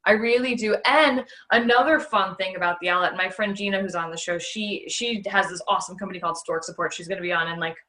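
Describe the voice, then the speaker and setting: A woman hosting a casual podcast, chatty and quick, swearing freely in her asides. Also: mid-range voice, bright, forceful tone. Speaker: podcast host.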